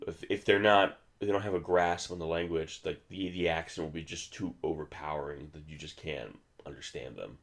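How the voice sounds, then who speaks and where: A man's voice: a bass voice, normal speed, hardly any pauses. A young man rambling casually while commenting on an old monster movie, with many restarts.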